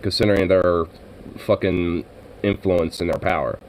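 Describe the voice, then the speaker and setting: A man's voice: low-pitched, steady tone, normal speed, a little hiss or hum, poor audio. An American man ranting casually with constant swearing, frequent laughter and lots of fillers like "like" and "you know". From United States. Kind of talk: casual profane rant.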